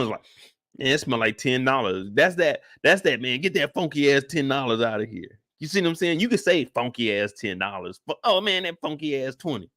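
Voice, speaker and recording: Animated man in loose slangy chat. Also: mid-range voice. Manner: animated, slangy, acts out reactions with loud outbursts. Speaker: host. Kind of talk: casual live after-show chat.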